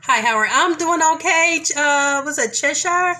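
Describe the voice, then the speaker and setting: A woman's voice: high voice, normal speed, bright, forceful tone. A woman chatting casually with live viewers as she preps juice at home. She is a little congested, laughs often, and talks loose and candid with some mild swearing. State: mildly congested. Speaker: vlog host greeting live viewers. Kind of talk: casual live chat while cooking.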